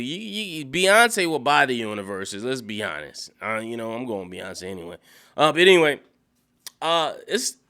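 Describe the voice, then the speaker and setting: Rambling man musing aloud, smooth voice. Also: medium pitch, fairly bright tone. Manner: rambling, thinking aloud with many fillers. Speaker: commentator. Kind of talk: casual solo commentary.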